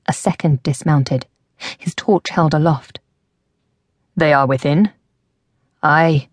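A woman narrating an audiobook in a measured, dramatic storytelling manner. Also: lowish voice, warm tone, breathy edge, no room sound, clean studio sound.

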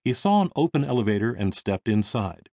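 Expressive male audiobook narrator. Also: fairly low pitch, brisk, creaky, dry recording, clean studio sound. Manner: expressive storytelling.

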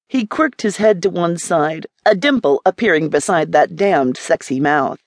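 A woman narrates an audiobook with expressive, lively storytelling. Her voice sits a little low and moves widely in pitch. It is recorded dry and close in a studio booth. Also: moderate pace, hardly any pauses, no room sound. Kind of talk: scripted narration.

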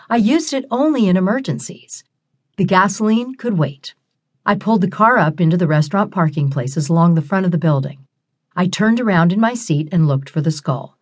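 A woman narrating a novel in the first person, in a wry, expressive storytelling manner. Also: on the low side. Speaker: audiobook narrator.

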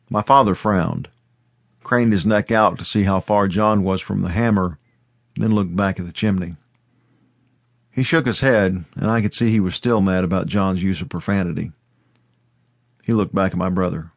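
A male audiobook narrator with a very low voice tells the story in first person, measured and steady. The recording is close and completely dry, with no room sound at all. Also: gravelly, no echo.

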